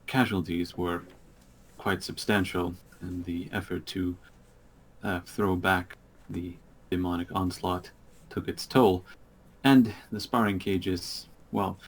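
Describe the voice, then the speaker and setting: A man narrating a tabletop game as game master over an online call, halting with many fillers. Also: sits low, a little hiss or hum.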